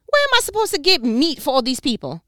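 A woman's voice: high-pitched, huge pitch swings, quick pace, a bit bright, no room sound, clean studio sound, voice pushed up, heavily acted. A woman doing a distraught prophet crying out. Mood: anguished. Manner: pleading and anguished. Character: distraught, exasperated male prophet.

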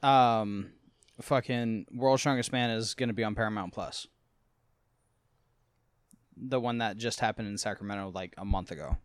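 A man's voice: lowish voice, steady tone, moderate pace, pauses often, clear, resonant tone, no room sound. A man chatting casually as a podcast co-host, talking eagerly and teasing his friend. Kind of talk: casual chat.

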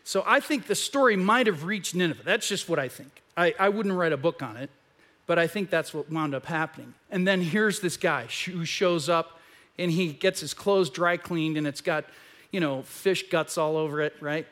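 High-voiced man preaching a sermon. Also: moderate pace. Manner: animated storytelling, acts out quoted voices. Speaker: pastor. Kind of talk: conversational sermon. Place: church.

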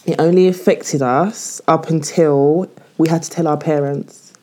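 A woman's voice: low voice, steady tone, measured pace, warm tone. A woman, speaking candidly in a casual podcast chat, full of "like" as she tells her story. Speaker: guest.

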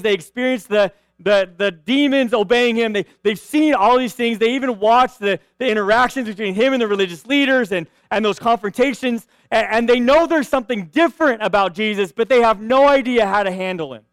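A man with a high, smooth voice delivers a sermon in a chatty, conversational way. He keeps checking in with his listeners and restarts his phrases as he goes. The sound is close and dry. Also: brisk, no echo. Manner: conversational, frequent "right?" asides and restarts. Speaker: pastor.

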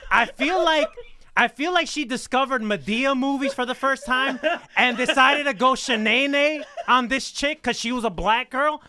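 A man hosting a casual wrestling talk show, animated and emphatic, often repeating himself as he makes his point. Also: extremely high pitch, moderate pace, slight background noise. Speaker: host.

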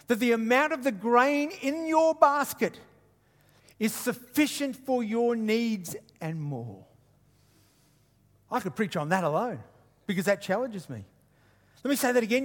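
Guy from queensland preaching, jokey asides to the church, big echoey hall. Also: very high voice. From Queensland, Australia. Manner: animated, jokey asides to the congregation. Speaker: guest preacher. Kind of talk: sermon. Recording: long church reverb.

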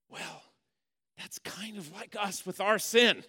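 A man delivers a sermon like a folksy storyteller, dropping to hushed tones and then rising to emphatic points. His voice sits a little high for a man. It rings out with the long reverb of a big church hall. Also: slow, slightly rough. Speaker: preacher.

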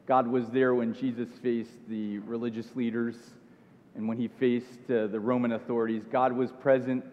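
A man preaching a sermon in an earnest, searching way, looping back over his words as he builds a point. His voice sits at an ordinary pitch. The sound is a little dull and carries a long reverb, as from a large hall. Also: little pitch movement, moderate pace, slight background noise. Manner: earnest, with frequent restarts and repeated phrases. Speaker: pastor.

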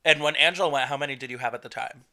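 A man's voice: medium pitch, rapid-fire, pushed and bright. A young man co-hosting a casual podcast chat, telling stories animatedly and acting out other people's voices. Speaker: podcast co-host.

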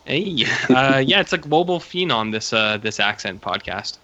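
A man with a bright, sharp tone cracks self-mocking jokes in a casual podcast chat. He talks over an online call. His delivery is loose and playful. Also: fairly low pitch, expressive, normal speed, dull audio. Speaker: podcast co-host.

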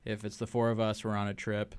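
Playful male host with a low voice. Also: completely flat delivery, fast talker, a little mellow, clean tone, no echo. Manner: playful, quiz-style questioning. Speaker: podcast host. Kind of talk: casual interview.

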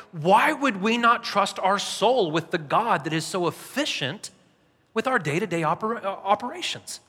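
A man delivers a casual, self-deprecating sermon from the pulpit. His voice sits a bit high and sounds bright and forceful. It rings out with a long reverb through a large church hall. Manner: conversational, self-deprecating, frequent tag questions. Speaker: pastor.

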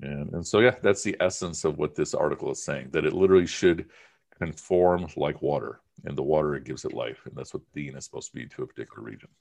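Male teacher with an extremely low, deep voice, chatty and emphatic in class. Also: fast talker, gravelly, a little mellow. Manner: conversational, emphatic, uses many fillers. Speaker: religion teacher. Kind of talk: informal class discussion.

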